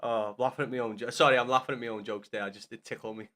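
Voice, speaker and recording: A young man chatting casually with viewers on a live gaming stream, swearing often and bantering loudly with chat. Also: mid-range voice, fairly even intonation, racing.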